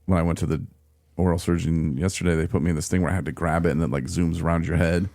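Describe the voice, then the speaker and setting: A man's voice: low voice, little pitch movement, fast talker, darkish tone, dry recording, studio quality. A man co-hosting a podcast, chatting candidly with a laugh and a slight trouble with his S sounds. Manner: candid, laughs while telling stories. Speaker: podcast co-host. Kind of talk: casual chat.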